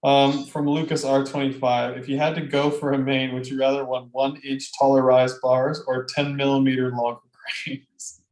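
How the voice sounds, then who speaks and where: A man trades jokes with his co-host in a loose, easygoing podcast chat. His voice sits at an ordinary middle pitch. The room around him rings with plenty of echo. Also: little pitch movement, moderate pace, few pauses, a little mellow. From Canada. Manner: loose and joking, swears casually. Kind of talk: casual chat.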